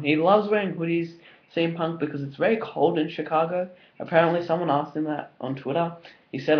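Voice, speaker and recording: A young Australian man talks through an unboxing with rambling, excited enthusiasm, full of ums and likes. His voice sits a little high for a man. The home recording sounds dull and lo-fi. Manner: enthusiastic and rambling, many fillers. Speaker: vlogger. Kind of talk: casual unboxing video.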